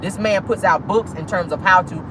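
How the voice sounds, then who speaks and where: A woman's voice: on the low side, normal speed. Sassy woman gossiping in a noisy car. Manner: sassy, drawling, full of 'honey' and 'baby' asides. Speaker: celebrity gossip vlogger. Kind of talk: casual gossip commentary. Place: inside a car.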